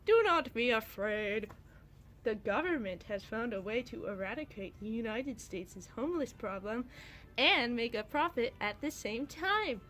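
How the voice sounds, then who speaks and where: A sinister government spokesman from a hand-drawn comic booms out in fake cheer, voiced by a woman. The voice sits up high and projects loudly, friendly on the surface and menacing beneath. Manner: booming, mock-friendly, menacing.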